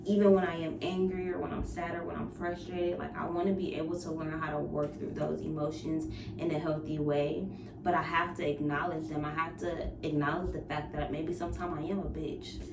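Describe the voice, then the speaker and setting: A young woman with a fairly low voice talks openly and bluntly in a personal vlog, swearing without restraint. She sits back from the mic in a roomy, echoing space, with faint ambience underneath. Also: a little fast, vocal fry, far from the mic, noisy background. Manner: frank and expressive, swears freely, laughs between thoughts. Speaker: vlogger and spiritual practitioner. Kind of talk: candid personal vlog monologue.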